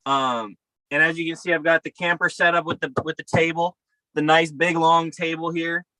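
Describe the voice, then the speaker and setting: A man's voice: on the high side, fairly even intonation, normal speed, sharp tone, dry recording, poor audio. A man co-hosting a podcast over a video call from his camper, talking in a profane, upbeat, rambling way. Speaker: podcast co-host. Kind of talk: casual chat. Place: camper by a river outdoors.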